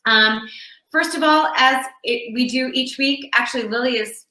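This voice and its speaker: Woman host, bright and lively, telling bawdy jokes in a roomy space. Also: high-pitched, normal speed. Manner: lively, animated delivery. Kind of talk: telling old dirty jokes, casual chat. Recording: echoey room.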